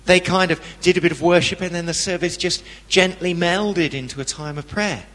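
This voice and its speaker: A man giving a testimony sermon, telling a personal story with lively delivery and acting out the people he quotes. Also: high-pitched, moderate pace, in a large hall.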